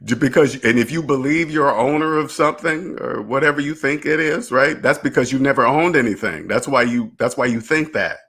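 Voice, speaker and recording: A man's voice: medium pitch, fairly quick, hardly any pauses, fairly bright tone. Man, finance channel host, casual to-camera rant, emphatic and preachy, blunt with profanity, keeps asking rhetorical questions. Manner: blunt and profane, with brief laughs. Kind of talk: casual direct-to-camera monologue.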